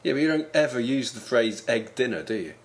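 A man with a mid-range voice plays a quiz contestant. He talks in a dry, skeptical way and picks holes in how the questions are written. His banter is deadpan and unhurried. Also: medium pitch. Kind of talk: comedy banter.

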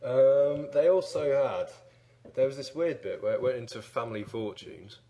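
A man's voice: medium pitch, normal speed, dark tone. A man co-hosting a comic casual chat, telling stories in a wry, dry way with hesitations.

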